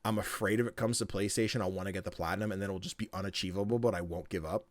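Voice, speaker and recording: A man co-hosting a podcast in casual chat, animated and laughing often. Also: low voice, rapid-fire, no room sound. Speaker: podcast co-host.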